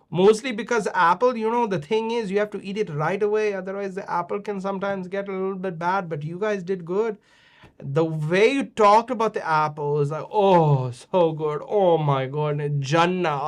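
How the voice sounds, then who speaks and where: A man's voice: high voice, a bit bright. A middle-aged man hosting a kids' show, judging their videos with playful teasing and mock-scolding. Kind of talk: casual chat.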